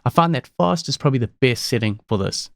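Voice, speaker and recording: A man presenting a screen-recorded software tutorial, explaining each step calmly. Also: medium pitch, fast, gravelly, dry recording.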